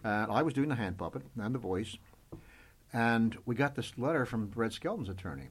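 A man in an interview, telling lively stories about his voice work. His pitch sits in the middle of the range but moves a great deal, and he breaks into laughter often. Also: normal speed, slightly rough. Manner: animated, laughing storyteller. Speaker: interview guest, voice performer. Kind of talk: anecdotal interview storytelling.

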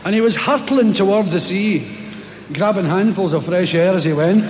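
A Scottish man telling jokes on stage as a stand-up comedian, chatty and animated. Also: high-pitched, normal speed, noisy background. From Scotland. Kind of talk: live stand-up storytelling. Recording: echoey hall, live venue.

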